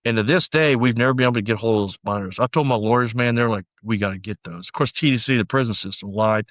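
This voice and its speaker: A man's voice: mid-range voice, fast, fairly bright tone, no echo. A man as a podcast guest, telling his story bluntly in a rambling, casual way with lots of fillers. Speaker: podcast guest, former sheriff's deputy.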